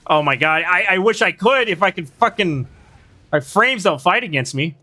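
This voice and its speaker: A man's voice: sits high, animated, normal speed, sharp tone. A young man casually commenting as he plays a game on stream, reacting, swearing and talking to his chat.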